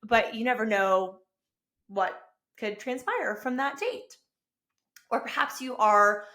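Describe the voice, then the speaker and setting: A woman in her thirties hosting her own podcast, talking casually and enthusiastically. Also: mid-range voice. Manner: enthusiastic, effusive, rising to excited bursts. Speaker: podcast host. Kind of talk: casual solo podcast monologue. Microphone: self-recorded with camera.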